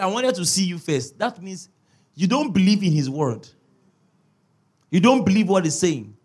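Man, pastor preaching, high voice, lively swooping delivery, emphatic, repeats key words. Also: breathy edge. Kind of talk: sermon.

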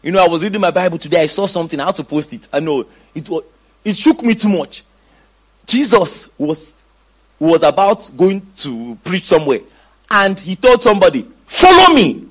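A man's voice: sits high, animated, moderate pace. A middle-aged man preaching a sermon, reading scripture aloud and asking his congregation questions.

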